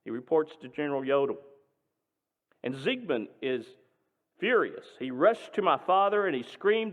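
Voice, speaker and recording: A male pastor tells a story in a sermon, speaking dramatically and emphatically, with his voice moving between loud and hushed. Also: fairly high pitch, lively intonation, unhurried. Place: synagogue sanctuary. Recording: tinny, echoing hall.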